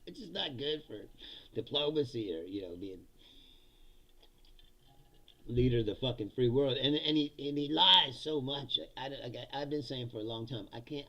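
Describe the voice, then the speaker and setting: A man hosts a political comedy show, ranting sarcastically and swearing a lot in casual livestream commentary while reading out chat comments. His mid-range voice is bright and forceful, with vocal fry.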